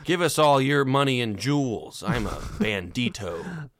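A man's voice: medium pitch, very animated. A man putting on a hammy Spanish-accented bandit. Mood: boastful. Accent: put-on Spanish. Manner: slow, drawn-out hammy delivery. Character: swaggering male train-robbing bandit.

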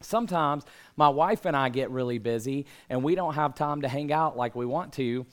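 A man's voice: mid-range voice, moderate pace. A man in his thirties preaching a casual, conversational sermon to a congregation, slightly out of breath and building to emphatic calls. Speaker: pastor. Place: church hall with congregation.

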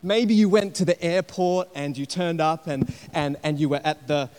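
A man preaching a sermon, telling a personal story with animated delivery and acted-out quotes. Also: a little high, normal speed, clear, resonant tone. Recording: long hall reverb.

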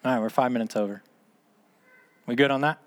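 A man's voice: medium pitch, brisk. A man in his thirties or forties leading a small church discipleship group, teaching in a casual, conversational way and asking and answering his own questions. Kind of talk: casual teaching talk ending in prayer.

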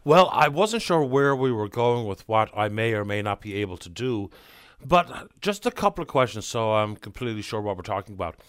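A man hosting a call-in radio show, asking calm, methodical questions. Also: on the low side, brisk, smooth, dry recording, studio quality. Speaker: radio host.

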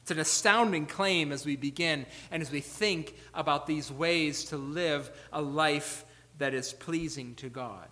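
A man preaching a sermon with earnest emphasis, asking rhetorical questions and dropping to quiet asides. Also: on the high side, measured pace, in a large hall. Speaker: pastor. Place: church sanctuary.

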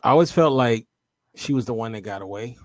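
Halting man reading viewer comments. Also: mid-range voice, expressive, dry recording. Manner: halting, many fillers and restarts. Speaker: co-host.

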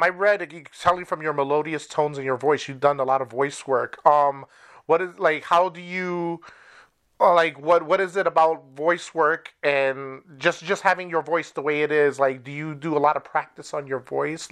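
A woman's voice: low-pitched, fairly even intonation, normal speed. Woman interviewer, casual, laughs a lot, questions trail off and restart. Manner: warm, giggly, rambling questions. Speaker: podcast host.

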